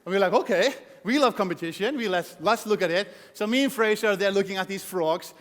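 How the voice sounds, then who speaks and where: A man giving a motivational talk to an audience, energetic and joking, asking the crowd questions. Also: high voice, fast talker. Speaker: motivational speaker. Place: event hall. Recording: long hall reverb.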